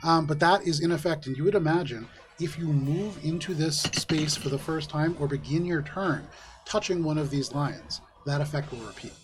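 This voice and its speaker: A man's voice: a little high, normal speed. Game master, male, descriptive narration, calls rolls. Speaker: dungeon master.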